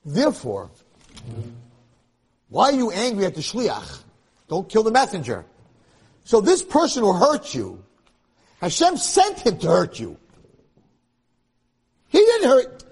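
Male rabbi, husky voice, very lively pitch, dramatic shifts from quiet to loud. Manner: animated, swings between hushed and loud passionate emphasis. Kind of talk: Torah lecture.

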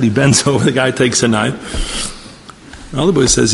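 Guy a gravelly voice telling sermon stories, lots of acted-out dialogue, faint hiss behind. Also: normal speed, long pauses. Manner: animated storyteller, acts out dialogue, rises to high emphatic exclamations. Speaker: rabbi. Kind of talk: storytelling sermon.

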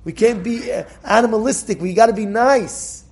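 A man giving a Torah class lecture, emphatic and repetitive, sometimes breaking into loud cries to drive a point home. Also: sits high, moderate pace. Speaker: Torah teacher.

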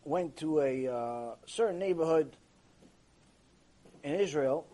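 A man's voice: fairly high pitch, expressive, slow, warm tone. A man giving a Torah ethics lecture as a rabbi, emphatic and argumentative, firing off rhetorical questions.

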